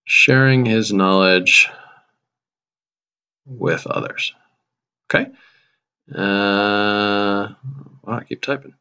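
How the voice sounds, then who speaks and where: A man who teaches high school math, casually narrating a screen-recorded web coding tutorial as he types, with a touch of dry sarcasm. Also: drawn-out words, long pauses, clean tone, highs cut off. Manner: relaxed, self-narrating while typing, dry sarcasm.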